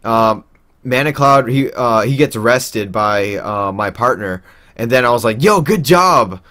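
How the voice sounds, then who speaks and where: A man's voice: fairly low pitch, fairly even intonation, a little slow, a bit bright. Rambling young man telling a story. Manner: rambling, with many fillers and restarts; acts out quoted people in raised voices. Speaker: interviewee telling a personal story. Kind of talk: casual spoken storytelling.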